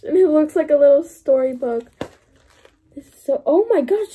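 A young woman vlogging an unboxing, gushing and gasping with excitement as she opens gifts. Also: high voice, moderate pace.

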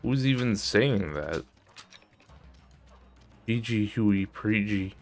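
A man with a lowish, animated voice takes his time as he streams a shooter game. Enemies keep killing him, and he yells at the game, swears, and gripes about his health in casual, frustrated commentary.

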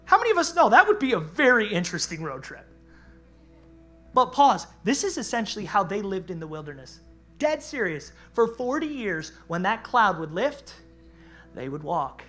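A male pastor preaching an animated, conversational sermon, acting out voices and laughing along the way. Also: high voice, moderate pace, faint music behind. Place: church.

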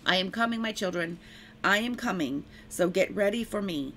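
A woman's voice: medium pitch, a bit bright, slight background noise. A woman reading a prophetic word and scripture aloud in an earnest way, stopping now and then to correct herself. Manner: slow, earnest reading with frequent self-corrections.

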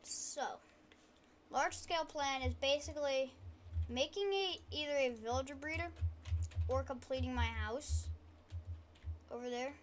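A woman gaming YouTuber giving casual, rambling gameplay commentary, talking quietly and poking fun at herself, at a desk mic at home. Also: high voice, unhurried, long pauses, a little hiss or hum. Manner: rambling, self-deprecating, trying to talk quietly.

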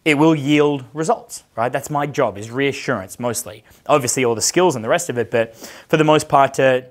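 An Australian dating coach in his thirties, mid-range voice at a moderate pace, tells a long, casual story. He swears constantly and animatedly acts out the voices of the people involved.

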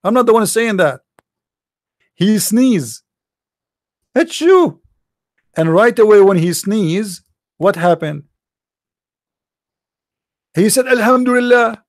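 An online religious commentator, a non-native English speaker with an Arabic accent, reads from a screen in a mocking monologue full of sarcasm and incredulity, even mimicking sneezes. His voice sits high with a darkish tone, and he goes slowly with frequent pauses. The sound is clean studio quality with no room sound.

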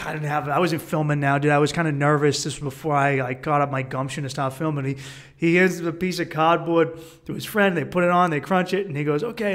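A man from Boston, a travel vlogger, telling a story in a casual, animated way and laughing often. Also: on the high side. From Boston, USA.

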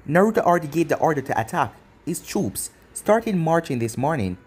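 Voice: mid-range voice, sing-song, a little fast, a little mellow, breathy edge. Narrator doing an anxious aide with bad news. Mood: urgent. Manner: urgent, hesitant.

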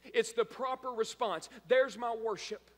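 In a church sanctuary, a male pastor with a very high voice preaches a live-streamed sermon a little slowly, his words echoing as in a large hall. He is emphatic, repeating phrases to drive his points home.

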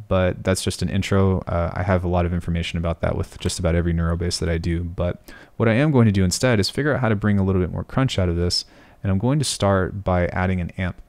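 A man's voice: low voice, darkish tone. A young man teaching sound design in a screen-recorded tutorial, thinking aloud and often correcting himself. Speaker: music production tutor.

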